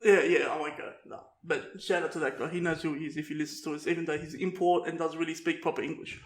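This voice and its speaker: Man, casual podcast chat, frequent laughter, says bro, high-pitched, roomy echo. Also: fairly even intonation, quick pace. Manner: laughs often, swears, calls people bro. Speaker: podcast co-host.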